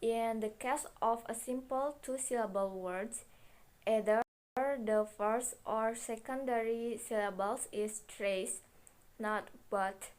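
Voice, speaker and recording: A young Indonesian student presenter reads a phonetics class presentation slowly and carefully, repeating words and correcting herself. Her voice sits on the high side, a little mellow and clean, though the recording is rough.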